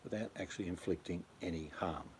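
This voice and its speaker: A man's voice: low voice, a little fast, a little mellow, a little hiss or hum. An Australian man chatting casually on a livestream, rambling and blunt, talking to viewers by name. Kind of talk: casual chat.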